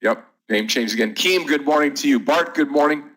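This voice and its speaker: A man's voice: fairly high pitch, a little fast, fairly bright tone, rough recording. A man hosting a live day-trading room, running through market numbers and greeting viewers by name in an upbeat, chatty way.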